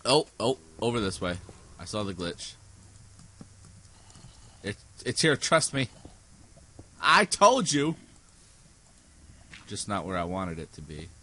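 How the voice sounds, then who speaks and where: Young man, sleepy let's play commentary, lively swooping pitch, slow bright delivery. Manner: goofy, rambling, sings snippets and silly voices. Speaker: gaming YouTuber.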